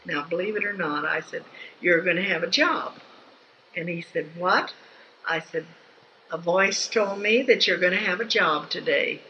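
Older woman, bright folksy storyteller. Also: fairly low pitch, normal speed, slight background noise. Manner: meandering, folksy, frequent restarts. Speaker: interviewee telling family memories. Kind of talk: rambling oral history storytelling. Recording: dull lo-fi home tape with faint ambience.

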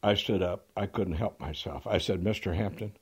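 Older husky-voiced lawyer telling stories. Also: male voice, low voice, normal speed. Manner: dry, wry raconteur with throat-clearing. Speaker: trial lawyer. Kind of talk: anecdotal storytelling.

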